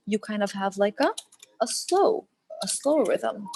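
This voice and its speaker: A woman teaches a class over a video call at an ordinary pitch, explaining each point patiently and saying it again in other words. A faint hiss sits under her voice, and she keeps asking "okay?" to check on her students. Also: animated, a little slow, vocal fry, a little mellow. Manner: repetitive, explanatory, fills with "okay". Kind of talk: online English lesson.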